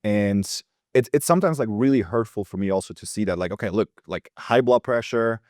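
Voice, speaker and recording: Man, podcast host, lowish voice, halting, dry sound. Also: a little mellow, dry recording. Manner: hesitant, halting, many fillers. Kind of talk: casual interview chat.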